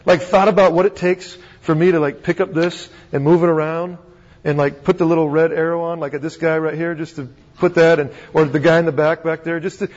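Male pastor, higher-than-average voice, chatty sermon full of restarts and questions, dull lo-fi sound. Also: darkish tone. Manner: conversational, asks rhetorical questions, frequent restarts. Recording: dull recording in a reverberant hall.

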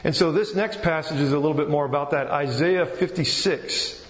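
A man's voice: fairly high pitch, fast. A man preaching a sermon in a loose, conversational way, often restarting his sentences. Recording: echoey hall, dull sound.

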